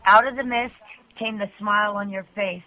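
A woman's voice: medium pitch, fairly even intonation, normal speed. A woman caller on a call-in show, reading her own poems in an earnest, chatty way. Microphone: telephone. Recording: tinny phone line.

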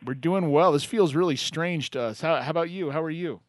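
A man's voice: fairly high pitch, fairly quick, no room sound. A man hosting a call-in poetry show, chatting casually, joking and laughing often. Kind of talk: casual radio chat.

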